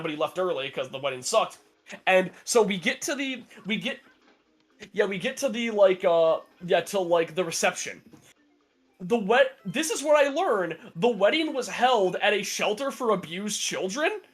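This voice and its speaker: A man's voice: high voice, expressive, normal speed, soft background music. A young man chatting casually on a podcast, telling a long story with many fillers and restarts, sarcastic and laughing often. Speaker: podcast co-host. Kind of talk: casual chat.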